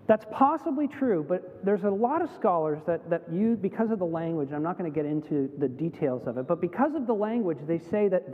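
This high-voiced Canadian man preaches with animated storytelling, performing the quoted voices of his characters. He is a pastor, and the audio has a thin, phone-like quality in a hall full of echo.

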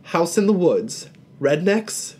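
A woman hosting a casual podcast, her pitch swinging widely as she talks. She keeps things relaxed and steers the chat from one segment to the next. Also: takes it slowly, a little hiss or hum. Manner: relaxed, organized, leads the segments. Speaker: podcast host.

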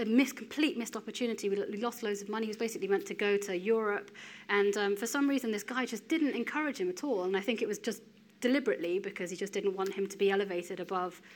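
A woman in her thirties giving a sermon in a conversational, storytelling way with lively asides. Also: mid-range voice, a little hiss or hum. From United Kingdom. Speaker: preacher.

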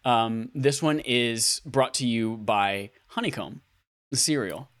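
A man co-hosting a comedy podcast, doing silly mock ad reads and breaking into high-pitched laughter. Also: takes it slowly, a bit bright, dry recording. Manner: goofy, bursts into laughter and high squeals. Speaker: podcast co-host.

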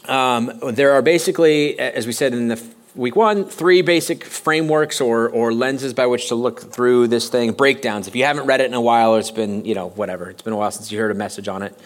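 A man preaching a sermon as pastor, talking conversationally and often stopping to restart his sentences. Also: mid-range voice. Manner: conversational, halting with frequent restarts. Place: church sanctuary.

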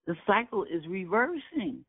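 A man's voice: high-pitched, big pitch swings, a little slow, breathy edge, dry recording. An older man from Brooklyn, recalling his family's past in an interview, earnest and emphatic, repeating key phrases. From Brooklyn, New York. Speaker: oral history interviewee. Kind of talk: personal recollection in an interview. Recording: dry, tinny phone-like line.

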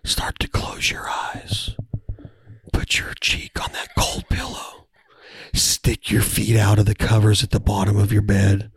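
A man whispering a slow, soothing bedtime role-play. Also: fairly low pitch, monotone, creaky, darkish tone, slightly rough, dry recording, pitched below the performer's own voice, full character voice.

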